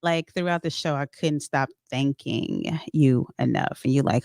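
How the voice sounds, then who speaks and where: A woman's voice: extremely low pitch, measured pace, vocal fry, darkish tone, no echo. A woman author being interviewed in a studio, speaking earnestly and pouring out heartfelt thanks, with frequent restarts. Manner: earnest and effusively grateful, with many restarts. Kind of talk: casual interview chat.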